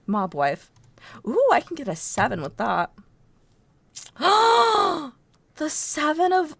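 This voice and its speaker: Playful streamer woman, giggly and chatty, lively up-and-down pitch, dry close mic. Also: slow pace, vocal fry, pauses often, breathy edge, no room sound. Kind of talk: casual gameplay commentary.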